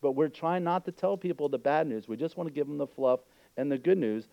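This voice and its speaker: A man's voice: fairly high pitch, brisk, vocal fry, dry recording, highs cut off. A man preaching an earnest, emphatic sermon as pastor, with frequent asides to the congregation.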